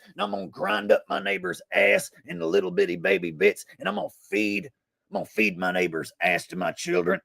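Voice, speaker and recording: A man impersonating a bombastic male talk-show host, cutting a loud, blustering promo-style rant. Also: high-pitched, gravelly, husky, dry recording, voice pushed up, exaggerated voice.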